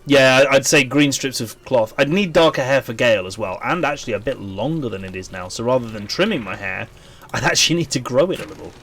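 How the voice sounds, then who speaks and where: A Welsh man talks casually to his stream audience while playing, thinking aloud and wandering between topics. His voice sits at a middling pitch, and he fills the pauses with ums and restarts. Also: lively intonation, a bit bright, a little hiss or hum. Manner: chatty, rambling, thinks aloud with many ums. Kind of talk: casual live-stream chat while gaming.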